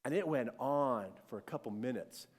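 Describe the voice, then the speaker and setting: A man telling a personal spiritual story, animated and acting out scenes, swinging between hushed and shouting. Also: mid-range voice, moderate pace, big-room sound.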